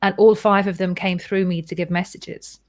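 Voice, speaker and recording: A woman hosting a casual conversation, telling a personal story in a chatty, animated way with many restarts and acted-out quotes. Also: medium pitch, moderate pace. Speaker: host.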